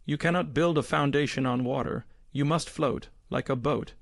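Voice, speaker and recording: A man voicing a weathered older Finnish swamp foreman who speaks slowly and calmly with a Finnish accent. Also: mid-range voice, creaky, no echo, clean studio sound, lightly acted. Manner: slow, calm, deliberate.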